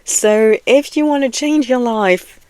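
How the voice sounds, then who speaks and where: Woman vlogger, unhurried delivery, dry close sound, frank and rambling, lots of fillers. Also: a little high, dark tone, dry recording. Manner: frank, rambling, heavy with fillers like "you know"; laughs often between phrases. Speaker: video essay vlogger. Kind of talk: casual direct-to-camera talk.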